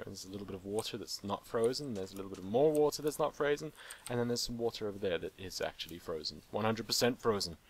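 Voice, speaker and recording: A man's voice: mid-range voice, slight background noise. A young man hosting a let's play, rambling playfully and joking with the animals in the game. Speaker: gaming channel host.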